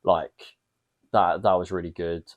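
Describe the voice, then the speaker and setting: Here the same kind of speaker, a young adult English man co-hosting a podcast, chats casually, laughs a lot and rambles through his stories. The sound is phone quality, and his low voice stays fairly even and unhurried.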